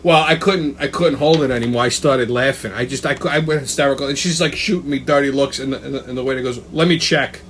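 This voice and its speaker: A man's voice: mid-range voice, fairly even intonation, fast, hardly any pauses, a bit bright, a little hiss or hum. A man hosting a comedic rant, cursing and repeating himself for emphasis. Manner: profane, emphatic, repeats words. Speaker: host.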